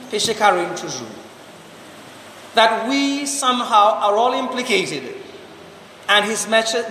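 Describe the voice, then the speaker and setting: A priest preaching a sermon, asking repeated rhetorical questions and drawing out slow, emphatic commands. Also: male voice, very high voice, pushed and bright, echoey room, in a large hall, a little hiss or hum, rough recording.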